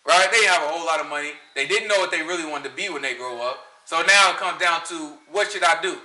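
A man with a Southern country accent leads an informal Sabbath teaching with a high, very bright and sharp voice. He swings up and down in pitch, tosses out rhetorical questions and laughs often. The sound is roomy and echoey. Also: fast talker. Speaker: Bible study teacher. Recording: echoey room.

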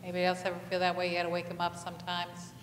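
A woman pastor with a lowish voice races through a conversational sermon with a completely flat delivery, though she asks the congregation many questions and tells animated stories. The church sanctuary sounds echoey with faint ambience, plus a little hiss or hum.

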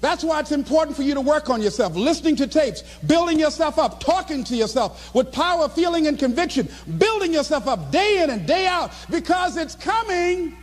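A middle-aged man giving a motivational speech in a preacherly, animated storytelling manner, often shouting. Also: extremely high pitch, fairly quick, hardly any pauses, big-room sound. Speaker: motivational speaker.

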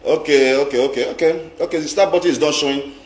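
A man's voice: a little high, fast talker, roomy sound. A middle-aged Nigerian man telling a story on a live stream, dramatic and chatty, slipping into pidgin and repeating himself.

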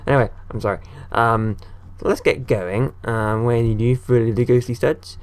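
A man's voice: medium pitch, fairly even intonation, moderate pace. A man giving casual, rambling commentary as he plays a video game, often talking straight to the characters on screen. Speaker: gaming video creator. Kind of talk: casual let's-play commentary.

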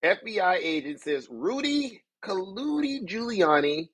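His voice sits high and is very animated, unhurried yet hardly pausing. He hosts a political commentary show, ranting to viewers like a theatrical, mocking showman and repeatedly calling out "ladies and gentlemen."

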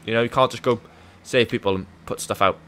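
A man's voice: medium pitch, brisk, pushed and bright. A young man giving crude, joking commentary over a video game, swearing often. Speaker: gaming YouTuber.

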